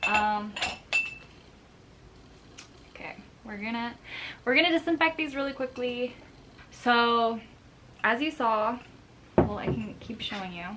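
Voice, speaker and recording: A young woman vlogging casually to her viewers, excitable and nervous as she talks through her plants. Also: on the high side, slow, long pauses, background noise. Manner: excitable and nervous, gasping and laughing often. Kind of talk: casual vlog chat.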